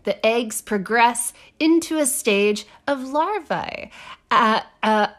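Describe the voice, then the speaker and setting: A woman from Texas co-hosting a relaxed podcast, her fairly high voice swooping up and down as she exclaims in horror. She talks slowly and lets each reaction stretch out. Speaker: podcast co-host. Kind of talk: casual chat.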